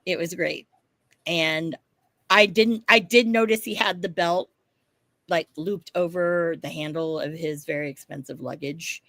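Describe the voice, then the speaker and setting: A woman co-hosting a podcast, telling a story in casual chat, animated, laughing often and swearing casually. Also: on the low side, unhurried, no echo. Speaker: podcast co-host.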